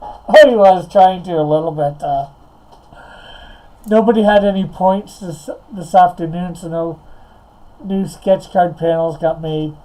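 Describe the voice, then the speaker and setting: A man's voice: high voice, fairly even intonation, a little slow, dark tone, low-quality recording. A man hosting a casual livestream, chatting about comics and reading viewer comments while doing digital coloring. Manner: rambling, reads chat aloud, laughs often. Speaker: livestream host.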